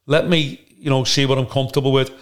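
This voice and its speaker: A man's voice: mid-range voice, flat delivery, quick pace. A man from the United Kingdom hosting a casual podcast chat, a blunt storyteller who swears freely. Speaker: comedian and podcast host.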